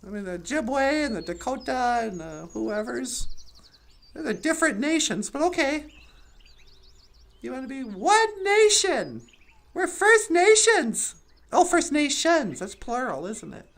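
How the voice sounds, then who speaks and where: A woman's voice: sits high, big pitch swings, a little slow, gravelly. A woman telling stand-up stories in a sardonic way, acting out other people's voices as she goes. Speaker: comedian. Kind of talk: stand-up storytelling.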